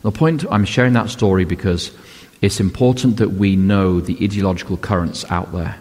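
A man's voice: deep voice, moderate pace, darkish tone. An older man preaching a sermon as a pastor, telling stories and asking rhetorical questions in a conversational way. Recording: long hall reverb.

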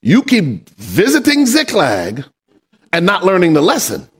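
A man preaching a sermon in a high, bright voice that rises and falls with wide swings. He asks the congregation to fill in his sentences and drives his main points home with shouts. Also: huge pitch swings, unhurried, breathy edge. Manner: call-and-response questions to the congregation; builds to shouted emphasis. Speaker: pastor.

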